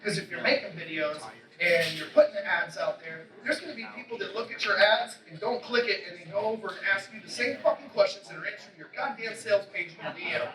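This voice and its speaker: A man's voice: high-pitched, animated, fast talker, pushed and bright. A man giving a brash, profane motivational sales talk from a stage, swearing constantly and hitting his points hard. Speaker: keynote speaker. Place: event stage before a live audience. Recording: roomy hall, mic from a distance, crowd.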